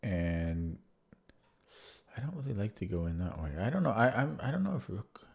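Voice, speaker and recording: A man's voice: on the low side, very animated, moderate pace, creaky. Man thinking aloud over chess. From Canada. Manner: thinks aloud, repeats words and restarts while calculating; chatty replies to viewer chat. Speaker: chess streamer. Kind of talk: live-stream chess commentary, thinking aloud.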